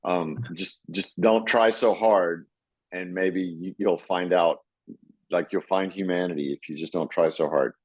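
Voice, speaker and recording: A man co-hosting a casual book chat, reading passages aloud and thinking out loud with many fillers and restarts. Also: deep voice, steady tone, measured pace, no room sound, low-quality recording. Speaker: podcast co-host.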